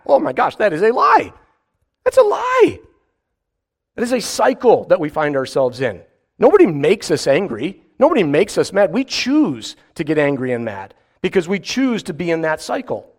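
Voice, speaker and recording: A man preaching a sermon in an animated way, acting out mock voices and firing rhetorical questions. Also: a little high, moderate pace.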